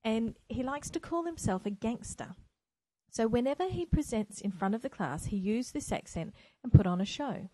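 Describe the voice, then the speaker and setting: A woman's voice: fairly high pitch, animated, normal speed, dark tone, slightly rough, dry recording, poor audio. A woman teacher from New Zealand hosting her own podcast, speaking earnestly and with enthusiasm. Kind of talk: solo educational podcast. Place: home, by a window. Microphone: microphone.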